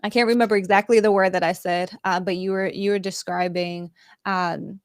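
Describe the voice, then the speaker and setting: A woman hosting an interview, asking questions in a friendly, halting way with many fillers. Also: mid-range voice, little pitch movement, clear, resonant tone, no room sound, studio quality. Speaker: interview host. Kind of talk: conversational interview.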